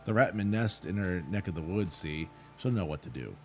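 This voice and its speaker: A gruff, rustic woman who runs a ranch in a fantasy game, blunt and folksy in how she talks, read aloud by a man. The voice sits low and moves a lot in pitch. Soft music plays behind her. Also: big pitch swings, normal speed. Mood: indignant. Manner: blunt folksy country speech. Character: gruff rustic woman head chocobo wrangler.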